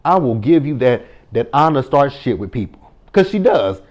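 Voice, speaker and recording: A man's voice: mid-range voice, very animated, moderate pace, a little mellow. A man in his thirties giving a casual reality TV recap, blunt and profane, speaking straight to the cast members and stressing his words. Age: 30s.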